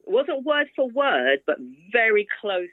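A woman's voice: on the high side, sing-song, measured pace, no room sound. A woman in her sixties telling her story in a casual interview and acting out quoted voices along the way. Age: 60s. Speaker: author guest. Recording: tinny phone-like line, dry.

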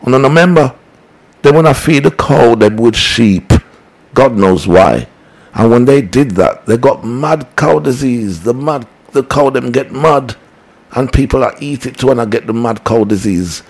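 A man hosting a broadcast, reading listener comments and rambling in a preachy, animated way. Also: medium pitch, measured pace, rough recording. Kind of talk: casual broadcast talk.

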